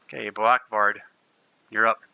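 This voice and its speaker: A man's voice: lowish voice, level tone, measured pace, gravelly, smooth, dry recording, dull audio. A man running a tabletop game as game master, narrating fights with vivid, gleeful detail.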